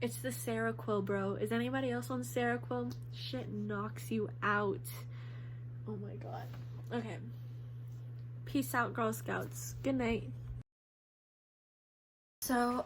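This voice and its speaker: A woman's voice: fairly high pitch, steady tone, a little slow, slight background noise. A young woman vlogging from home, talking in a candid, rambling way and venting about her day with lots of fillers. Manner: candid, rambling, vents frustration with frequent fillers. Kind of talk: casual vlog chat.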